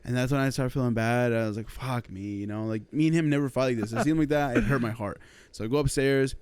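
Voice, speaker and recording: A young man co-hosting a casual podcast, telling a rowdy story with lots of swearing and laughter. His voice is smooth and resonant, sitting in the middle for pitch. The sound is dry and close. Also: fast, darkish tone, no echo. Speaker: podcast co-host. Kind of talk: casual chat.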